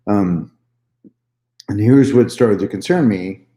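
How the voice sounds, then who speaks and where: Male vlogger, mellow tone, casual candid storytelling, roomy echo. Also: on the low side, slow. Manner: candid, swears freely, repeats himself.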